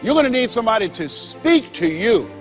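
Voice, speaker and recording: Man, motivational speaker, high voice, emphatic, preacherly, repeating lines for rhythm, soft music underneath. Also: big pitch swings, brisk, highs cut off. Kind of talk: motivational speech to an audience. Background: faint background music.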